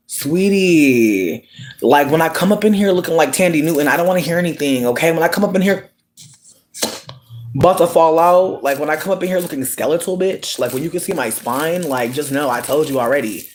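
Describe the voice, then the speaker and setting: A live streamer ranting to viewers in a loose, theatrical way, peppering every line with swearing and pet names like sweetie. The pitch leaps into squeals and then drops back, with words stretched out for effect. A faint hiss of noise sits under the voice. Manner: dramatic, expressive, swears often, calls viewers sweetie; big swings in pitch, sudden squeals and drawn-out words. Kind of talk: casual live-stream rant.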